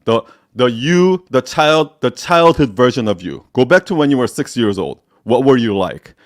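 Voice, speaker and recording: A man's voice: medium pitch, big pitch swings, moderate pace. A man hosting a live Q&A, answering viewer questions bluntly, swearing freely and often laughing between points.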